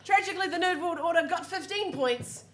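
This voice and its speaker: A woman hosting a comedy quiz podcast, playful and quick to laugh. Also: very high-pitched. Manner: bright, playful, laughs easily. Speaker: quiz host.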